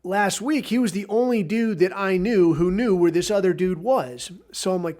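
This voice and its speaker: A man's voice: sits high, normal speed, few pauses, a little mellow. A man hosting a podcast, telling a rambling story in a casual, profane, sardonic way. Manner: rambling, heavy swearing, sardonic. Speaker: podcast host.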